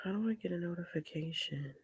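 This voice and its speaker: A man's voice: high-pitched, husky. A man hosting a casual reading livestream, tired and yawning, rambling and greeting viewers in the chat. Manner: slow, rambling, says y'all often, greets chat viewers. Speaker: book livestream host.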